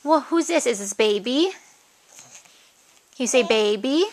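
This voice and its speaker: A woman's voice: on the high side, expressive, unhurried. A woman in a home video, talking to a toddler in a coaxing, sing-song way. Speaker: parent.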